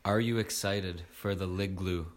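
A man's voice: sits low, steady tone, a little slow. A man explaining things in a plain, practical way during a casual chat.

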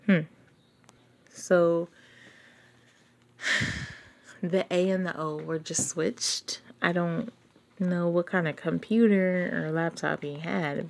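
A woman's voice: on the low side, takes it slowly, gravelly, pauses often. A woman podcast host reading a book aloud, often breaking off to chat and reflect with light laughter. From outside England. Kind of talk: book reading with casual commentary.

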